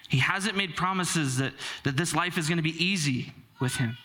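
Young male preacher, chatty and self-deprecating, high bright voice. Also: normal speed, slight background noise. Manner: conversational, self-deprecating storytelling with filler words. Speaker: pastor. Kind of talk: sermon with personal story.

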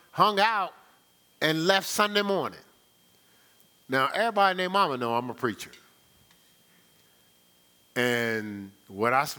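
His mid-range voice sounds pushed and bright as the male pastor preaches a live sermon. He talks to the congregation conversationally, uses rhetorical questions, and keeps checking in with "right?".

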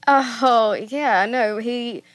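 Casting: Australian woman, chatty storyteller, bright higher pitch, close dry mic. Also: extremely slow, dry recording. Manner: storytelling, laughing easily. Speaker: co-host. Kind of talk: casual chat.

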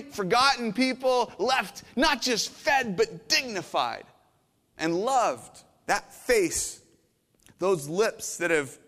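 A man preaching a sermon, retelling a scene dramatically and swinging from loud passages to hushed ones. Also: fairly high pitch. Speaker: pastor. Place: church hall. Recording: long hall reverb.

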